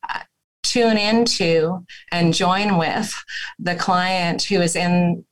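A woman couples therapist, a guest in an interview, explaining her technique and acting out gentle therapist phrasing in her own voice. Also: on the low side, fairly even intonation, takes it slowly, low-quality recording.

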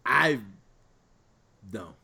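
A man's voice: mid-range voice, very animated, very slow, gravelly, pushed and bright, breathy edge. A man in casual podcast chat, incredulous and arguing his point step by step. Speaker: podcast co-host.

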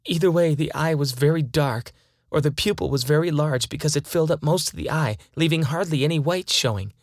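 A woman's voice: sits low, no echo, clean studio sound. A woman playing a frightened woman taken by aliens, her fearful pleading turning into angry defiance. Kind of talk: dramatized first-person account.

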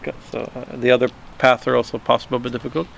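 A man giving an informal spiritual talk, halting and repeating himself, often checking in with a quick "right?" and chuckling as he explains. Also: mid-range voice, flat delivery, gravelly, fairly bright tone, slight background noise. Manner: halting, repeats words, frequent "right?" asides. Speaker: spiritual teacher.

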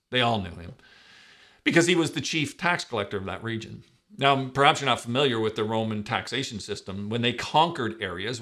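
Emphatic male preacher, loud-soft swings. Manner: emphatic, swings between loud stresses and soft, low asides. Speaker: pastor. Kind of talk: sermon.

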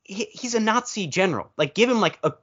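Animated, rambling podcast co-host. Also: mid-range voice, fast, husky, highs cut off. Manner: rambling, animated storytelling with playful quoted asides. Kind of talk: casual movie chat.

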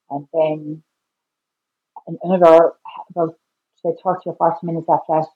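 Middle-aged woman, Irish accent, slightly low voice, podcast guest, emotional storytelling, repeats herself, acts out dialogue. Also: slightly rough, narrow, tinny audio. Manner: repeats "I said" constantly, re-enacts dialogue with rising voice.

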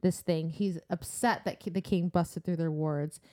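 A woman co-hosting a casual book-club podcast, recapping chapters with lively energy. She talks loosely and freely, swears now and then, and drops into quick voices for the characters. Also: lowish voice. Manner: animated retelling, swearing, putting on character voices. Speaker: podcast co-host.

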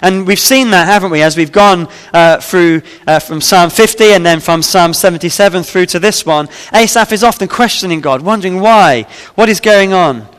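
A man's voice: sits high, normal speed, hardly any pauses, fairly bright tone, smooth, in a large hall. A man preaching a sermon, reading scripture aloud and then explaining it with frequent fillers and restarts. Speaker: pastor.

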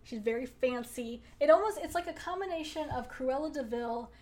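A woman's voice: high voice, lively intonation, moderate pace, a little mellow. A woman podcast host reviewing a TV episode in casual chat, retelling scenes animatedly and laughing often.

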